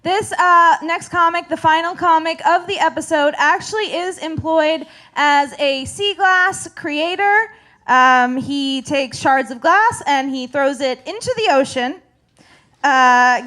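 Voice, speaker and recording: High-voiced woman co-hosting a comedy show. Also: animated, takes it slowly, pushed and bright. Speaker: co-host introducing comics.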